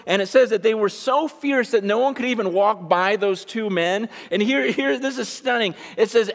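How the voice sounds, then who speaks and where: A man's voice: high voice, moderate pace, few pauses. Emphatic preacher, man, echoey hall. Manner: emphatic, rhetorical questions to the congregation. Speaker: pastor. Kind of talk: sermon.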